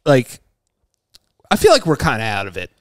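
Male podcast host, lively swooping pitch, clear smooth voice, close dry mic, swears and laughs a lot. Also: moderate pace, dry recording. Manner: animated, laughing, profane storytelling. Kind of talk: casual podcast banter.

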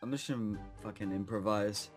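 A man's voice: lowish voice, a little fast, soft background music. A young man co-hosting in loose, rambling casual chat, swearing freely. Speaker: co-host.

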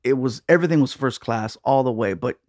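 A comedian guest talks with a middle-pitched voice. He tells chatty stories about gigs and often breaks into laughter. The mic is close and dry, with no room around it. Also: a little fast, a little mellow, dry recording. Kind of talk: casual chat.

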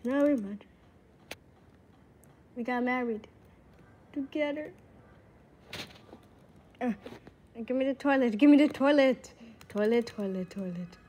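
A woman's voice: high voice, slow, pauses often, mellow, slight background noise. A woman voicing a silly, childish talking axolotl that giggles and repeats words over and over in a playful comedy skit. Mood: giddy.

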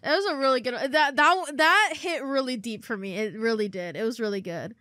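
A young woman hosting a reaction video, chatting casually in an excitable way, often laughing and squealing. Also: high voice, a little fast. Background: music from the clips.

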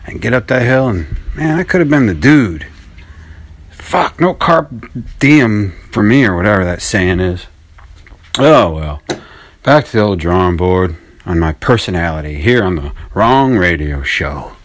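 A man's voice: sits low, lively intonation, a little slow. A man hosting his own radio show, telling a story in a rambling, profane, self-mocking monologue.

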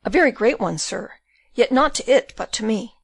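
A woman's voice: on the high side, expressive, moderate pace, vocal fry, breathy edge, no echo, full character voice. A woman reading an audiobook, voicing an earnest, anxious young woman who pleads and insists. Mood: distressed.

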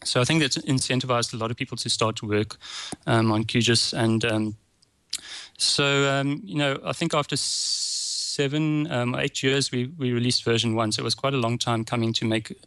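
A man's voice: mid-range voice, fairly even intonation, moderate pace, fairly bright tone, no echo. A man with a South African accent, answering interview questions with many fillers and restarts. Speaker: guest, open source developer.

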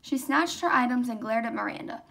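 Teen girl reading a children's chapter book aloud, high and even. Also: a little fast, vocal fry. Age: teens. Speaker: student reader.

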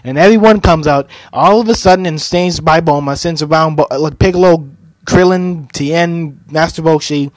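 A young man casually recapping an anime plot as a reviewer, halting often with fillers and restarts. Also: a little high, no room sound. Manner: hesitant, many fillers and restarts.

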